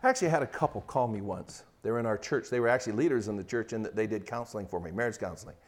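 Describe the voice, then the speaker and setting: Older male pastor, loud then hushed. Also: lowish voice, racing. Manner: animated, swings from loud mocking quotes to hushed storytelling. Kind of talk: sermon on marriage.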